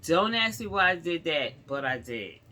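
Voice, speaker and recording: A woman's voice: deep voice, big pitch swings, moderate pace, bright, forceful tone, slight background noise. A woman vlogger chatting to her viewers in a rambling storytime, often calling them y'all.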